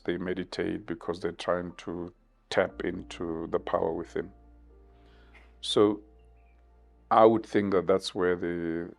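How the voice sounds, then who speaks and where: A man in his fifties from South Africa, giving measured, thoughtful interview answers with many pauses. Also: sits low, gravelly. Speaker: interview guest.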